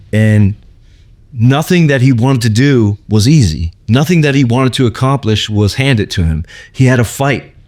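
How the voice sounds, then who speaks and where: A man's voice: medium pitch, darkish tone. A man hosting his show, telling a personal story in a loose, rambling way full of fillers. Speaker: host. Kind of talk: casual storytelling.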